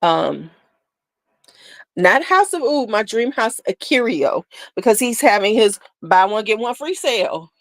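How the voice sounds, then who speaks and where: Woman, beauty host, sassy casual chat, higher voice, dry close sound. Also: very animated, a little slow, no echo. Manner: chatty, candid, sassy, laughs often.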